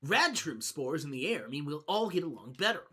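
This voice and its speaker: A streamer voicing a laid-back surfer-dude mushroom king with slangy, excitable speech, reading video game dialogue aloud. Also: mid-range voice, normal speed, breathy edge, exaggerated voice. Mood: stoked.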